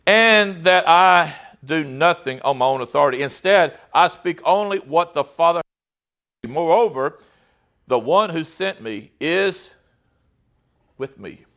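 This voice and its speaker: A man with a high-pitched voice delivers a sermon in an easygoing, conversational way. He reads scripture aloud in slow, measured phrases, then explains it plainly, pausing and correcting himself along the way. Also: lively intonation, a bit bright. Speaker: preacher.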